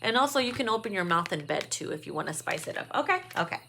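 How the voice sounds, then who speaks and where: A woman's voice: medium pitch, sing-song, fast talker, vocal fry, sharp tone, slight background noise. A woman doing a casual tarot card reading, blunt and profane, laughing often. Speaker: tarot reader.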